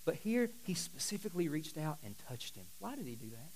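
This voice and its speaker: A man preaching as a pastor, moving between quiet, intimate asides and loud, emphatic declarations. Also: fairly high pitch, big pitch swings, fairly quick, few pauses, poor audio. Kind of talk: sermon.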